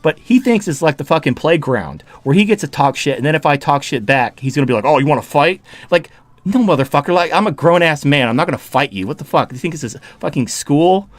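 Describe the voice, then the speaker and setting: Heated, profane man, fairly high voice. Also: animated, fast, dry recording. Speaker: podcast host. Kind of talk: casual ranting chat.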